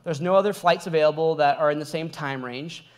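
A young male pastor with a notably high-pitched voice, preaching in a relaxed, conversational way. He tells stories with animation and the odd laugh, easy and personable rather than formal. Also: brisk. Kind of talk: sermon with personal story.

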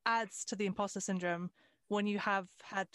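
A woman's voice: medium pitch, steady tone, normal speed, fairly bright tone, clear, resonant tone, no echo. Woman, actor, casual chat, self-deprecating, swears, dry mic.

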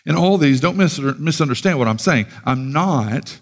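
A man's voice: fairly high pitch, lively intonation, normal speed. A man preaching a sermon in a conversational way, often repeating words and restarting phrases. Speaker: pastor. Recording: long reverb of a large hall.

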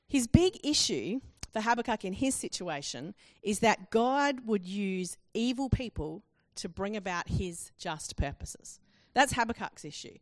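Woman giving a sermon, acts out the questions, dry sound, not roomy. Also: medium pitch. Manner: expressive, acts out quoted questions with rising emphasis. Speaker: preacher.

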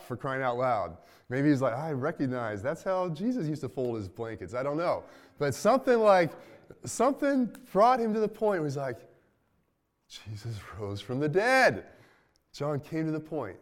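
Male pastor, mid pitch, casual preaching style with frequent restarts. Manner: conversational, many restarts, dips quiet at line ends. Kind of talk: sermon.

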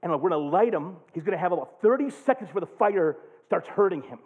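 High, lively male preacher, tinny sound. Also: fast talker, husky. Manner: excitable, jokey, loud bursts when acting out the story. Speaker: pastor. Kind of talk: animated sermon storytelling.

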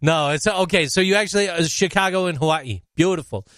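A man's voice: fairly high pitch, brisk, a bit bright, no room sound, clean studio sound. A man hosting a podcast, playful and teasing in casual chat. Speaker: podcast host.

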